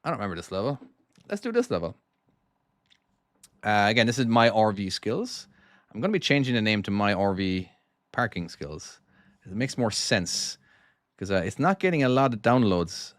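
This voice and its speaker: A middle-aged man with a softened Irish accent, chatting to his live-stream audience while playing his own trucking game. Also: on the low side, big pitch swings, normal speed, dry recording, studio quality. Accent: Irish, softened by years in the US. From Ireland. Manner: rambling and chatty, talking to chat while driving.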